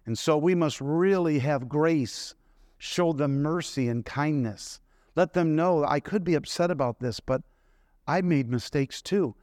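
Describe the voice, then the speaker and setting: A man's voice: fairly high pitch, a little slow, darkish tone, no room sound, clean studio sound. A middle-aged man preaching a sermon, telling personal stories in a conversational way and asking the congregation questions.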